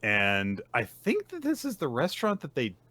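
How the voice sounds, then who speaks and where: On a laid-back podcast, this co-host recaps manga chapters in a mid-range voice at normal speed. He stays animated throughout, performing the characters' lines as he quotes them.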